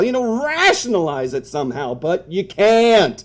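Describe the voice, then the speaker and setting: Frantic, animated man reading aloud. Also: sits high, unhurried, few pauses. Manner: frantic, breaks into yelling and laughter. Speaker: author reading his own fiction. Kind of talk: dramatic live reading.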